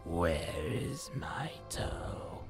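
A man voicing a groaning unseen ghoul in a slow, drawn-out whisper. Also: sits low, big pitch swings, vocal fry, full character voice. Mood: eerie. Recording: music behind the voice.

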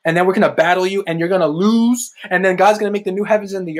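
A man delivers a livestreamed sermon into his laptop. His voice sits a bit high and sounds husky. He preaches fervently and conversationally, circling back to the same refrains again and again. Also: fast talker, few pauses. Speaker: street-style online preacher.

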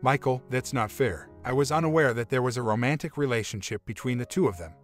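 A man voicing a worried, caring young woman friend in a storybook reading, soft and pleading. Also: medium pitch, fast, faint music behind, close to an everyday voice. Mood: apologetic.

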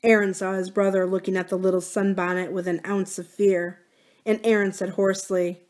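A woman's voice: lowish voice, level tone, moderate pace, a little mellow. A woman reading a novel aloud for a library series, lifting her voice for the characters' lines. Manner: gives characters' lines a raised, livelier voice. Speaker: library reader.

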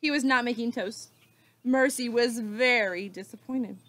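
A woman teacher reading a children's book aloud, slow and expressive with dramatic pauses. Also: a little high.

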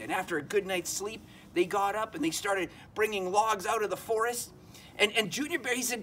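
Brief: animated storyteller for children, man, fairly high voice, asks the kids questions. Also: fairly quick, slight background noise. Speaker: children's ministry host.

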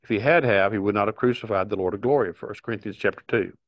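A middle-aged man earnestly teaching a Bible study, reading verses aloud and pausing to stress them. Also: fairly low pitch, no room sound, lo-fi sound. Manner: earnest, emphatic, reads scripture aloud with pauses.

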